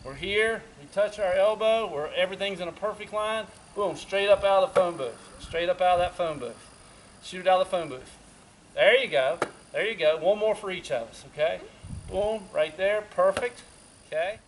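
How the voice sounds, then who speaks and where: A man who directs parks and recreation, coaching basketball drills outdoors with quick, encouraging cues. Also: high voice, a little hiss or hum.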